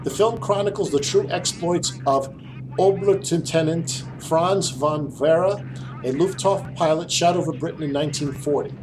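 A man's voice: fairly high pitch, normal speed, music in the background, poor audio. A man from Queens hosting a podcast, chatting casually and reading an episode introduction, laughing often and tripping over names. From Queens, New York. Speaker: podcast host.

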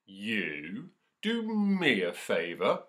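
A man voicing a mighty, proud male lion in a children's story, roaring and booming. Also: wildly swooping pitch, drawn-out words, fairly bright tone, full character voice. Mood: scornful.

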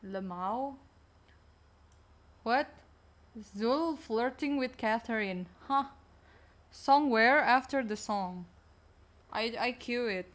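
A woman's voice: a little high, slow pace, long pauses, fairly bright tone. A woman streamer chatting casually while gaming, answering chat in a chatty, distracted way.

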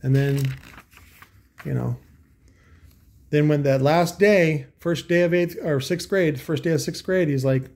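A man's voice: on the high side, unhurried, long pauses, darkish tone. A man hosting a casual commentary, talking in a sarcastic, profane, rambling way full of asides. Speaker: host.

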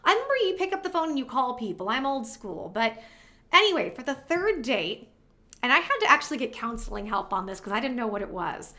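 A woman's voice: on the high side, big pitch swings, fairly quick, bright, forceful tone. A woman vlogger at her home setup, telling a personal story to the camera in a chatty, rambling, self-deprecating way.

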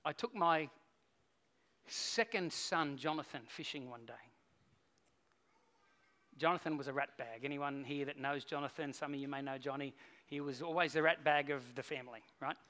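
A middle-aged man, preaching a sermon as a pastor and telling a story, swinging between hushed and loud. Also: fairly high pitch, normal speed, long pauses.

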